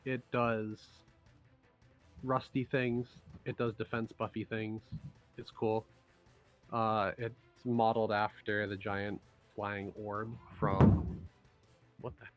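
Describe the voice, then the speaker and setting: Low-voiced man rambling through game cards. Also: level tone, slow pace, faint music behind. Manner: loose, rambling explanations. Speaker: game designer and stream host. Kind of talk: casual livestream chat.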